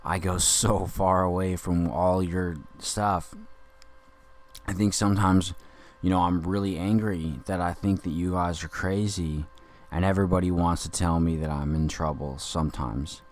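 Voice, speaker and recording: A man's voice: deep voice, fairly even intonation, a little slow. A man playing an angry, rambling Dick Grayson in a profane comedic podcast monologue. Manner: rambling, profane, indignant ranting.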